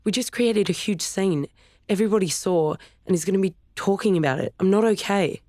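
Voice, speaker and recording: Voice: mid-range voice, a little fast, a little mellow, dry recording, clean studio sound, voice pushed up, lightly acted. A narrator voicing a tense, clipped young woman in an audiobook. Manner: clipped, snapping.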